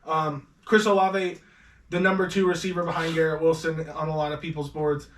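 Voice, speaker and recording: A man's voice: a little high, level tone, brisk, echoey room, distant mic. A man hosting a casual podcast mock draft, giving confident, opinionated picks with the odd swear. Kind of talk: casual sports chat.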